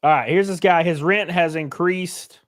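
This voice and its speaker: A man's voice: on the high side, normal speed. A man hosting a live stream, ranting bluntly and profanely and reading chat messages aloud. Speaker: streamer host. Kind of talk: casual live-stream reaction rant.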